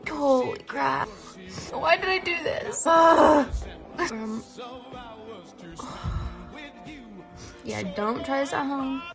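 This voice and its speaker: A young woman telling funny stories in a casual vlog, dramatic and quick. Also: high-pitched, creaky. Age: young adult. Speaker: TikTok creator. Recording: music playing under the voice.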